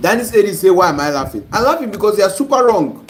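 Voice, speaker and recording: A man's voice: sits high, sing-song, quick pace. A man with a Nigerian accent teaching a live-stream lesson, reading viewer comments and bluntly scolding wrong answers. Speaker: online course teacher. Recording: noisy live-stream audio.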